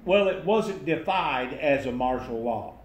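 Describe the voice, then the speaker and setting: A man's voice: medium pitch, expressive, unhurried. A man, asking questions in a casual chat and arguing his points with rising energy. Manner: talkative, opinionated, speeds up when arguing. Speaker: interviewer asking about local history. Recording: roomy room with faint noise.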